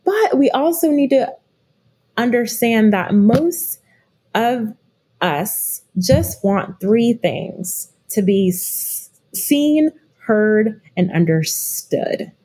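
Middle-aged woman, podcast guest expert: husky tone, unhurried, reflective delivery with frequent restarts. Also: on the high side, expressive, warm tone. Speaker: guest expert, leadership consultant. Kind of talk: podcast interview conversation.

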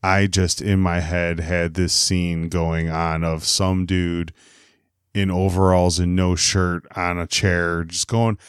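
A man's voice: low voice, little pitch movement, takes it slowly, smooth, no room sound, clean studio sound. A man co-hosting a casual podcast, sardonic and profane, often laughing. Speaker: podcast co-host.

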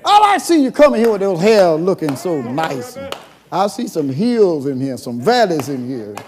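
A man preaching a sermon as pastor, moving between hushed passages and shouted calls. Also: on the high side, wildly swooping pitch, moderate pace. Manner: call-and-response preaching, swings from soft to shouting.

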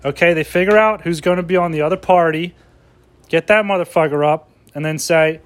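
A man ranting as a comedian, excitable and profane as he riffs. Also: fairly high pitch, normal speed.

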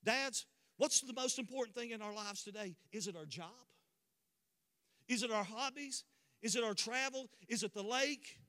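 Impassioned high-voiced male preacher. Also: normal speed, sharp tone. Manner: impassioned, building to emphatic declarations. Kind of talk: sermon. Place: church sanctuary. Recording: long reverb of a large church hall.

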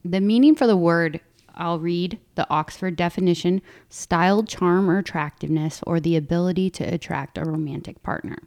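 A woman's voice: on the low side, moderate pace, darkish tone. A woman co-hosting a political podcast, chatty and explaining things, often laughing. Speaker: podcast co-host. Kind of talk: casual political podcast chat.

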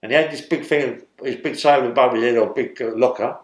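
An older man with a London accent, once a criminal, talks quickly through a rambling prison story for an interview, regularly dropping in "yeah?" to check his listener is following. His pitch is medium and the audio is reverberant.

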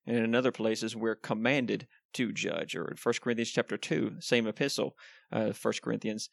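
A man's voice: fairly low pitch, normal speed, creaky, no room sound. A man preaching a sermon in an earnest, conversational way, with frequent ums and asides.

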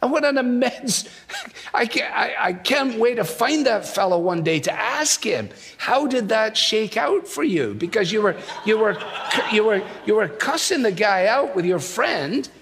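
A male preacher with a Scottish accent, preaching in a measured, deliberate way with dry humor. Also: high-pitched, animated, a bit bright, slight background noise. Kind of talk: sermon. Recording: long hall reverb, played sermon video.

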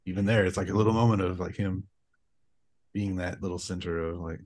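Very low-pitched man, rambling podcast guest, hesitant, many restarts. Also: fairly even intonation, fairly quick, a little mellow. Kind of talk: casual movie discussion.

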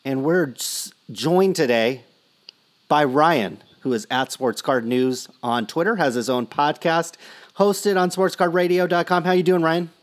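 A man's voice: a little high, a little slow. A man hosting a sports card podcast in a casual, rambling conversational way. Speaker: podcast host.

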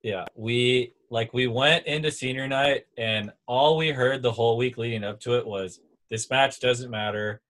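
This young man, once a volleyball player, speaks in a mid-range voice at normal speed with few pauses. Chatting casually, he tells an animated sports story and acts out the quotes.

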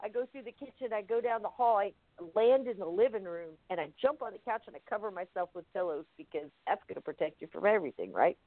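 A woman casually recounting a personal story, vivid and animated. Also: medium pitch, quick pace, hardly any pauses. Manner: vivid, animated retelling with acted-out moments. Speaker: guest telling a personal story. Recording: tinny phone-line sound, dry.

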